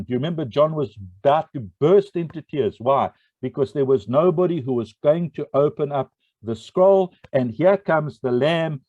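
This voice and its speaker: A man teaching a Bible study in an unhurried way, with many fillers and rhetorical questions. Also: mid-range voice, no room sound. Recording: dry, phone-like narrow sound.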